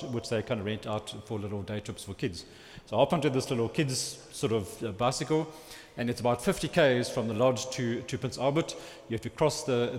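A man preaching, telling a personal story in a halting, rambling way with many restarts. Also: medium pitch. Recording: long hall reverb.

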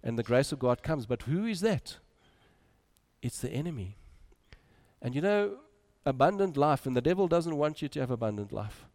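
A man preaching a sermon, moving between loud urging and quiet, soft drops. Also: mid-range voice, sing-song, normal speed.

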